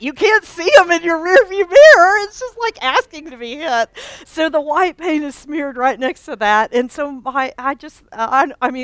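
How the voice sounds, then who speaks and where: Woman preacher, lively storyteller, slightly high, smooth clear voice, dry close sound. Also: no room sound. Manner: animated storytelling, laughs often. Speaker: church staff speaker. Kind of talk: sermon with personal story.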